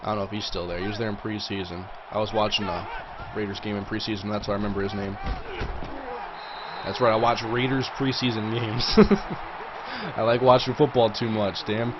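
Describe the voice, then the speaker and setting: A man hosting a livestream, chatting casually through live gameplay commentary and reacting loudly to big plays. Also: fairly low pitch, normal speed, pauses often, lo-fi sound, background noise. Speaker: livestream host.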